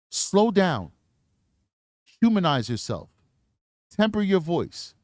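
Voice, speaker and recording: A man reacts to true crime footage in casual commentary, emphatic and quick to scold. His voice sits a little high. The recording is dry and close. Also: no room sound. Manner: emphatic, coaching, indignant.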